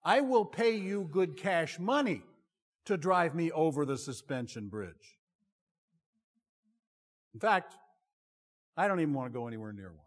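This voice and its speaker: A middle-aged male pastor preaching a sermon in an expressive, conversational and self-deprecating way. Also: on the high side, a little slow, pauses often. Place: church sanctuary. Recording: long reverb of a large hall.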